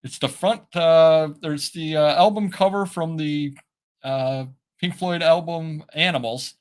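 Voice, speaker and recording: A man co-hosting a casual live stream, rambling with many fillers and pauses. His speech is slightly slurred, and his voice sits a little higher than most men's. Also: clear, resonant tone. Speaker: co-host of a reselling show.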